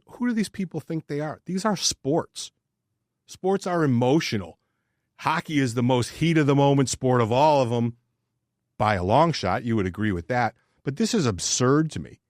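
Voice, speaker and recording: A man on a sports podcast vents in a loose, profane rant, his voice sitting at an ordinary middle pitch. The sound is dry and close, with no room around it. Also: no room sound. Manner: profane, ranting. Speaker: podcast co-host. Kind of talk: casual sports chat.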